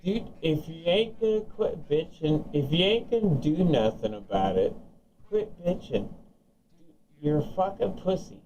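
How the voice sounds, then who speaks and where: A man's voice: fairly high pitch, a little mellow, distant mic, highs cut off, slight background noise. A man talking over CB radio, heated and profane, taunting another operator again and again. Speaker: CB radio caller.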